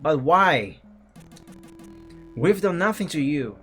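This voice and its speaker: Man reading a young witch, a touch higher. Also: animated, slow pace, fairly bright tone, faint music behind. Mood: defiant. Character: young woman witch, defiant.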